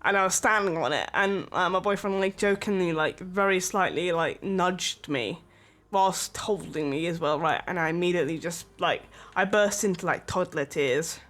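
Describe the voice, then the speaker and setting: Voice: mid-range voice, moderate pace, hardly any pauses, fairly bright tone. A streamer chatting casually and rambling, with lots of filler words and small laughs.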